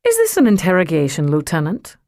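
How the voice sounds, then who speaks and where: Suave rich man, read by a woman, faint Irish lilt, amused and unhurried, low and dry. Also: wildly swooping pitch, darkish tone, no room sound. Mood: amused, smooth. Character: suave wealthy man, teasing and self-assured. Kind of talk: audiobook character reading.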